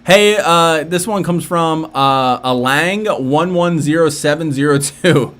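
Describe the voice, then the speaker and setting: A man's voice: fairly high pitch, slow pace, fairly bright tone. Laid-back Philly-accented young man. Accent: Philadelphia. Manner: laid-back, rambling, with frequent fillers and restarts. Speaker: livestream host. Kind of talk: casual live-stream chat reacting to viewer messages.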